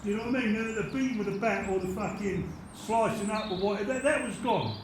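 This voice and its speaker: A man telling stories in a casual interview, blunt and animated, swearing constantly. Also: sits high, a little fast, noisy background. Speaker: interviewee, former doorman. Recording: echoey room.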